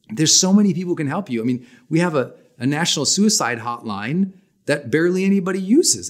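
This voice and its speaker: A man in his forties teaching a personal development class in an energetic, emphatic, conversational way. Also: a little high. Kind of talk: motivational class talk.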